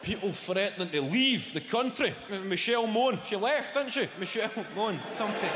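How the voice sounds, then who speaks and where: A man's voice: high-pitched, sing-song, a little fast, hardly any pauses, heavy background noise. A Scottish man in his thirties with a Glaswegian accent, doing a sweary, conversational stand-up set with crowd work. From Scotland. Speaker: stand-up comedian. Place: large theatre stage with audience. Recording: echoey live hall with loud audience.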